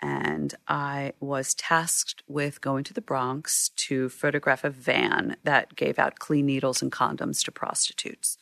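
A woman photographer telling stories in an interview, animated and acting out what people said, with frequent restarts. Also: a bass voice, slow pace, gravelly, few pauses, no echo, clean studio sound. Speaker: news photographer. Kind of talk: storytelling in a sit-down interview.

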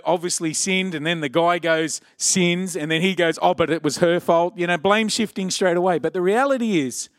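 A man preaching a sermon, telling a personal story in an animated way. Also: no echo, studio quality. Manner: animated, acts out quotes with shouted high voices.

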